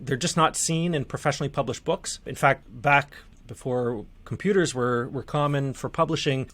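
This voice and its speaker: A man teaching manuscript formatting in a relaxed, conversational screen-share tutorial, with fillers and restarts. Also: medium pitch.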